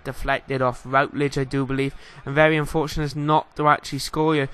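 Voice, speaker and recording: A man's voice: medium pitch, little pitch movement, brisk, a bit bright, clear, resonant tone. A young man with a Welsh accent, giving a casual, rambling game commentary voice-over full of fillers. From Wales. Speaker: gaming YouTuber.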